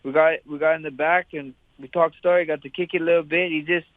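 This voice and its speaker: A man's voice: a little high, fairly even intonation, fast, no echo. A man from Hawaii, a fighter talking as an interview guest in a laid-back, rambling way full of "you know". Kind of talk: casual interview chat. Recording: tinny phone-like line.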